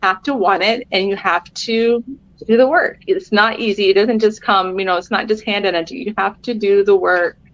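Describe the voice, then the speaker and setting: A woman's voice: mid-range voice, fairly even intonation, normal speed, muffled recording. A middle-aged woman, a podcast guest, talking earnestly and encouragingly in casual conversation, laughing often.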